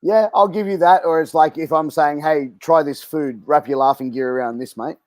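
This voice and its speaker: A man's voice: a little high, moderate pace, a little mellow, no echo. An Australian man hosting a casual podcast interview, friendly and quizzing his guest on slang. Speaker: podcast host.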